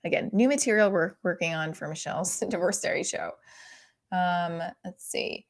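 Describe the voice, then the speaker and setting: A woman in her forties doing casual stand-up as a comic, rambling and cutting herself off, with loud bursts when she acts out her family. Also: on the low side, normal speed. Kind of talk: casual stand-up trying new material.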